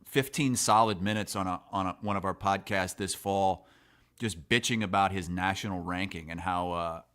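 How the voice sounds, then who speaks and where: A man's voice: low voice, normal speed, a bit bright, smooth. A man co-hosting a casual sports podcast, joking, laughing often and swearing casually. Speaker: podcast co-host.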